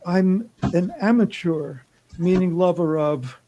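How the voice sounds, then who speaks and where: A man's voice: high voice, takes it slowly, warm tone, muffled recording, a little hiss or hum. A man from New York with a New York accent, a guest talking in a chatty, reflective, self-deprecating way. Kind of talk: casual chat on a call-in show.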